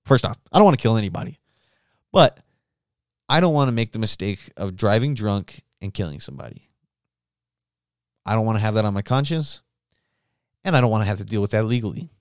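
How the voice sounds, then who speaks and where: A man's voice: on the low side, animated, brisk, long pauses, no room sound, clean studio sound. A man hosting a casual solo podcast, telling stories in a rambling, profane way. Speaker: podcast host.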